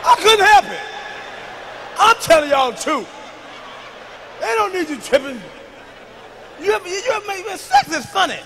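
A man performing a stand-up comedy routine on a big stage, telling profane stories with a swagger, jumping between shouts and low asides. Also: very animated, moderate pace, pauses often, big-room sound, noisy background. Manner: loud, swaggering, profane storytelling with sudden shouts and drops to a murmur. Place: large live venue on stage.

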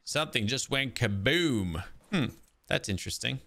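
A young man giving casual running commentary on a survival game, reacting excitedly with sudden exclamations. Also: medium pitch, normal speed, vocal fry. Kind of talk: casual let's-play commentary.

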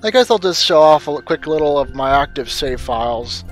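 A man's voice: on the high side, lively intonation, moderate pace, faint music behind. A man hosting a casual gameplay stream, wry and blunt, with dry asides and casual swearing. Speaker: streamer host.

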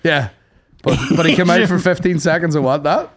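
A young man co-hosting a podcast, loud and crude, laughing through banter. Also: on the high side, a little fast, a little hiss or hum. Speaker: podcast co-host. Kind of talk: casual podcast chat.

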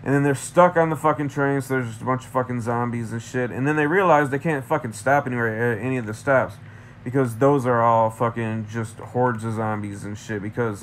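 A man's voice: medium pitch, slight background noise. A man from Michigan, rambling through a profane, tangent-filled movie review. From Michigan, USA. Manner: profane, ranting, jumps between tangents.

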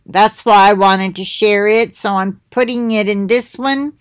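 A middle-aged woman talks slowly and unhurriedly to her viewers, wandering through asides as she reads out titles. Her voice sits at an ordinary pitch, recorded dry and close with little room sound. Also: steady tone, smooth, no echo. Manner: slow, rambling, reads titles aloud with asides. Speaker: video host sharing links. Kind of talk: casual monologue to viewers.

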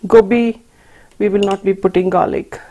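A woman's voice: mid-range voice, steady tone, moderate pace, warm tone, a little hiss or hum. A woman hosting a cooking demonstration, chatting to viewers as she works. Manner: chatty, addresses viewers as folks. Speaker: cooking show host.

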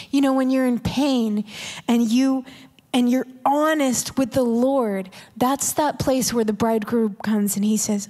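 A woman's voice: a little high, unhurried, warm tone. A woman preaching a sermon in an intimate way, often dropping to a whisper to stress a point. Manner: intimate, drops to whispers for emphasis. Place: large church hall. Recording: live church hall reverb.

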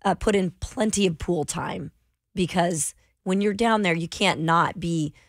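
A woman co-hosting a sports radio show in casual, cheerful chat, her voice hoarse and raspy today. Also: on the low side, measured pace, no room sound. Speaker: radio co-host.

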